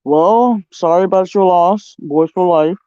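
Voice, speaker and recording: A man's voice: sits high, measured pace, warm tone, clean tone, no room sound. A man in a casual chat, hesitant and full of fillers. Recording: dull lo-fi dry sound.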